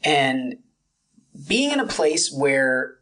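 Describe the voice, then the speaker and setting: Comedian guest, mid-pitch man, rambling and self-mocking, casual chat. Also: sing-song, extremely slow, a bit bright, low-quality recording. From United States. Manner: rambling, self-deprecating, jumps into silly voices.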